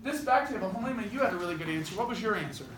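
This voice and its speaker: A man's voice: high-pitched, expressive, racing, fairly bright tone. A male teacher leading a classroom lesson, directing students and calling on them by name. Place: school classroom. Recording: very echoey classroom from far off, noisy.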